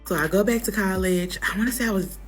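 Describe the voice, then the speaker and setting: A young woman telling a personal story in a casual, animated way, acting out what others said. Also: mid-range voice, fast, faint music behind. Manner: animated, acts out quotes in others' voices.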